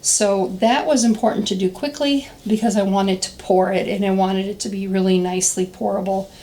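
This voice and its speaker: A woman's voice: medium pitch, fairly even intonation, fairly quick, mellow, low-quality recording. A woman demonstrating soap making in a casual step-by-step tutorial, chatty and thinking aloud with plenty of ums. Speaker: soap maker demonstrating a recipe.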